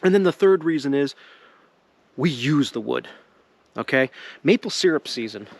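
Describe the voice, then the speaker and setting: A man's voice: medium pitch, expressive, normal speed, vocal fry, slightly rough, no echo. A middle-aged man vlogging casually outdoors in snowy woods, rambling and joking as he works and laughing often.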